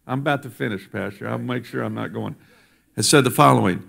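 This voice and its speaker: A politician speaks forcefully to a congregation in a church sanctuary, stacking up his points through repetition, with some chatter in the background. His mid-range voice is creaky and a bit bright, and he talks fairly quickly.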